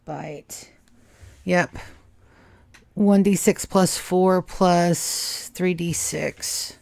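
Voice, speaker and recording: A woman running a tabletop horror game as game master, narrating gore in a slow, drawn-out way. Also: on the low side, fairly even intonation, creaky, darkish tone.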